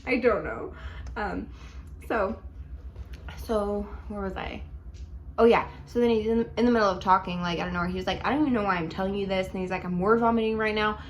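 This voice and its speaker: A young woman casually telling a dating story at home in a chatty, animated way, full of likes and ums. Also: mid-range voice, moderate pace, long pauses, a little hiss or hum. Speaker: vlogger.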